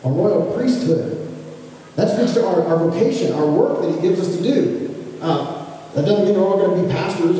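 A man in his thirties preaching a conversational sermon as pastor, gentle and unhurried, often restarting his phrases. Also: high voice. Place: church sanctuary. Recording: echoey hall, from far off, faint noise.

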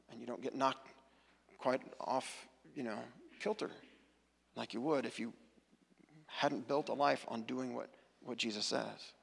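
A man's voice: medium pitch, creaky, slightly rough. A man giving a sermon as pastor, earnest and conversational, often restarting his sentences. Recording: long church hall reverb.

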